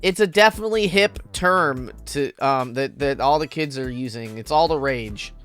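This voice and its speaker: A man's voice: mid-range voice, moderate pace, a bit bright, faint music behind. A man streaming games in a casual, playful chat, giggling and greeting viewers by name. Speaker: game streamer.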